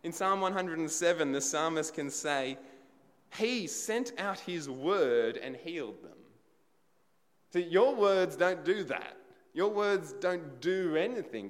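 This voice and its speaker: Lively, conversational male preacher in a reverberant hall. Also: a little high. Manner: conversational, full of rhetorical questions to the congregation. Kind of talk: sermon.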